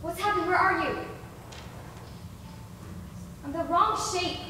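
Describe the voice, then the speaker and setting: A woman's voice: very high voice, takes it slowly, sharp tone, slight background noise, heavily acted. Young actress as plaintive downtrodden girl, school play, heard from afar in a big echoey hall. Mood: wistful. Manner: wistful, plaintive. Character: sad, self-doubting young ash girl. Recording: echoey hall, far from mic.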